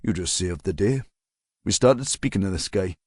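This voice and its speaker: A man voicing a gruff, friendly male police officer with an easygoing, hearty manner. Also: sits low, lively intonation, normal speed, darkish tone, no room sound, clean studio sound, pitched below the performer's own voice. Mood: praising.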